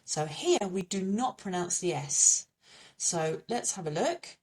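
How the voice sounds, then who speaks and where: Woman, English accent, language teacher, patient, lowish voice, animated intonation. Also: takes it slowly, recorded from a distance. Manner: patient, explains with repeated memory tips. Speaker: French teacher. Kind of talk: video pronunciation lesson.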